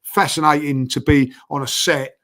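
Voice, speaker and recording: A man's voice: fairly high pitch, fairly even intonation, moderate pace, a bit bright. An older man telling stories in a rambling, casual way, full of fillers and restarts. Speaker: podcast guest. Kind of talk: casual storytelling chat.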